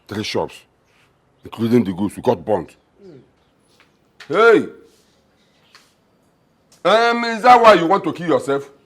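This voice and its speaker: Husky, mocking Nigerian dad, middle-aged. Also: male voice, medium pitch. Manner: mocking, scornful. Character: scornful middle-aged father, callous, domineering. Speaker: father. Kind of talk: film acting.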